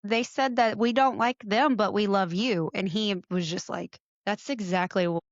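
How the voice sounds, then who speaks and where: A middle-aged woman hosting a podcast, telling stories in an animated way with lively quoted asides. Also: mid-range voice, moderate pace, dry recording. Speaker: podcast host. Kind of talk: casual chat. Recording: dull lo-fi sound.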